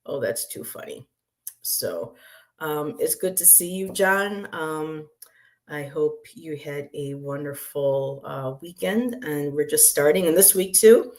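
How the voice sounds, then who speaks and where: Tarot lady chatting on a live stream, low voice, takes her sweet time, laughs a lot. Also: a little mellow. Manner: chatty, laughs often, greets viewers. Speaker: tarot reader. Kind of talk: casual livestream chat.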